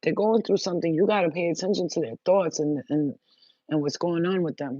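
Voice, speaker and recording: A woman's voice: fairly low pitch, fairly quick, dark tone, no room sound, muffled recording. A woman talking blunt, rambling and profane in a casual live-stream chat, working as a spiritual channeler.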